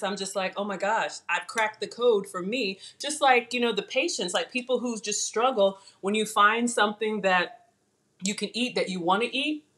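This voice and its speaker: Her voice is mid-range and slightly bright. This middle-aged woman runs a live cooking stream in her own kitchen, laughing, chatting easily, and reading out comments from viewers.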